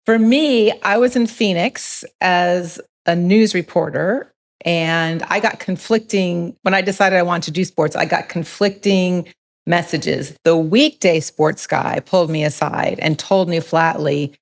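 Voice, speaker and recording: A woman's voice: fairly low pitch, measured pace. A middle-aged woman hosting a podcast, chatting and reflecting in a casual conversation. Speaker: podcast host.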